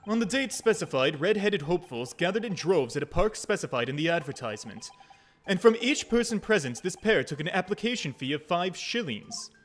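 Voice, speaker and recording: A man reading game dialogue as a calm, dignified con man with a put-on French accent, measured and poised. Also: high voice. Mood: composed.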